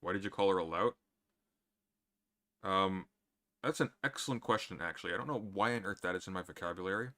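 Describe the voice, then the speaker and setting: Very deep-voiced man, dry and sardonic. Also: a little fast, long pauses, pushed and bright. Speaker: streamer answering chat questions. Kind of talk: casual livestream chat.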